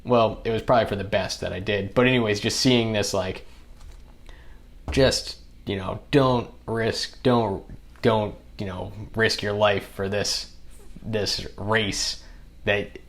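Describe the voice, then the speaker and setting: A young man, a podcast guest, telling a story in a casual, animated way and acting out what others said. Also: fairly low pitch, takes it slowly. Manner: animated, acts out other people's lines in the telling.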